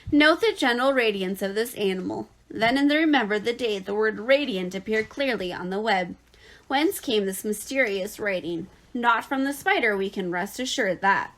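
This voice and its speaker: A woman's voice: medium pitch, moderate pace, poor audio. Woman reading a children's book aloud. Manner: expressive, lively read-aloud. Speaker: teacher.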